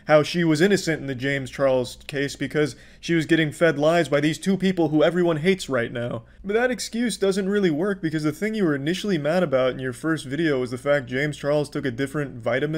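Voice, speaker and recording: A man giving profane, sarcastic commentary, exasperated as he mocks what he has watched. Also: fairly high pitch. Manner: sarcastic, exasperated, swears freely. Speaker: commentary youtuber.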